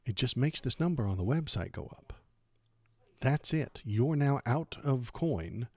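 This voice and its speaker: A man's voice: medium pitch, lively intonation, measured pace, mellow, no echo. A man hosting a political livestream, giving sarcastic, exasperated commentary.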